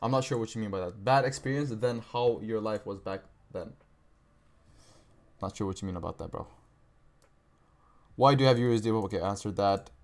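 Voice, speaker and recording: On his live trading stream, a young man reads viewer questions and banters in slangy speech, often saying "bro" and "right." He talks at a normal speed with a fairly low pitch and leaves long pauses.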